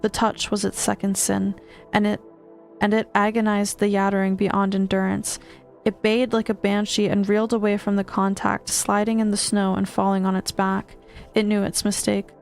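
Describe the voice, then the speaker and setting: A woman streamer reading a horror book aloud, steady with small stumbles and restarts. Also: medium pitch, normal speed, gravelly, soft background music.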